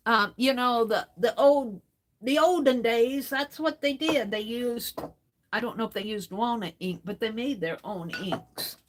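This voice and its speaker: A woman's voice: fairly high pitch, a little slow. A woman hosting a crafting livestream, chatting casually and reading viewer comments aloud as she works.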